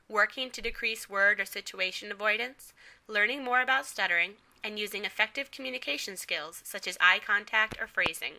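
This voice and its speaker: A woman reading a scripted informational narration in a clear, measured way. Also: mid-range voice, bright, forceful tone, rough recording.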